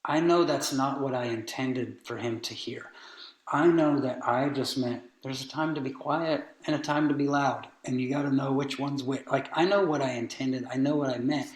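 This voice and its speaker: A man's voice: medium pitch, moderate pace. A man telling a family story in earnest, casual conversation, acting out the people he quotes. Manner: earnest storytelling, animated retellings. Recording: roomy echo.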